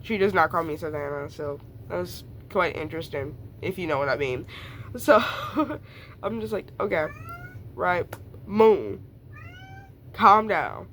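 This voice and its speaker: A young woman with a low, slightly bright voice tells a rambling personal story in a casual way. She fills it with fillers, laughs, and quick asides, and there's a little hiss or hum on the recording.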